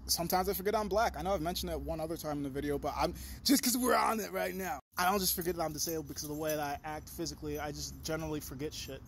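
A young man vlogging in a rambling, profane, animated monologue. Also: rapid-fire, hardly any pauses, slight background noise. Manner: talks in a high sing-song to his dog.

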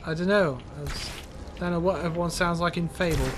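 A man's voice: on the high side, fairly even intonation, a little fast, over music. A young man casually commentating a co-op shooter game, joking, swearing and narrating his own moves. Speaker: gameplay commentator.

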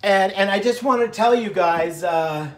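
Man, high-pitched, chatty vlog talk, rambling, upbeat, faint music behind. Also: measured pace. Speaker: vlogger. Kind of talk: casual talk to camera, with bits sung.

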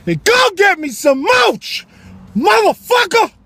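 A man imitating his bossy, furious wife, yelling orders at him in a shrill voice. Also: animated, normal speed, breathy edge, no echo, full character voice.

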